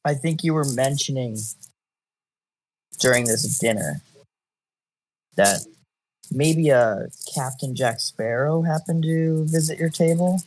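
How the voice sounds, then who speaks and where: A podcast co-host in casual chat, giving brief, unhurried reactions. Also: medium pitch, darkish tone, low-quality recording.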